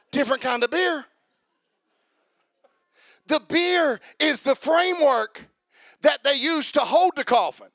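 High, bright-voiced preacher. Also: male voice, animated, takes it slowly, pauses often, no room sound. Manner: humorous, calls out to the congregation; builds to shouted emphasis. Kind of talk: sermon.

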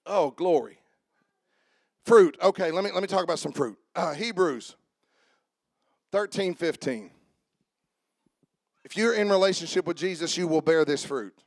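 A man delivers a sermon in a strikingly high voice. He hammers repeated lines and swings from shouted exhortation to hushed, confiding asides. The sound is close and dry. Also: moderate pace, pauses often, no room sound. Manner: repetitive call-and-response preaching. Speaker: preacher.

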